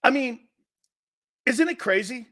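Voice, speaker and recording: A man's voice: very high-pitched, expressive, unhurried, sharp tone. A man hosting a casual live sports talk show who keeps breaking into laughter, jokes around and answers viewer comments by name.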